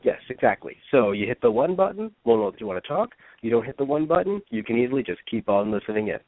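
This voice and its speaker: A man's voice: mid-range voice, fast talker, creaky, dry recording. Chatty man over a tinny phone line. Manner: lively, chatty, loose and rambling. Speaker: podcast co-host. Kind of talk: casual radio podcast chat. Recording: dry phone-line sound.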